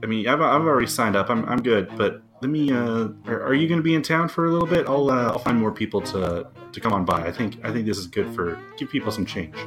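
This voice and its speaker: A man's voice: medium pitch, fast, hardly any pauses, music in the background, close to an everyday voice. A man voicing a nervous young miner who stammers and repeats himself. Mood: flustered.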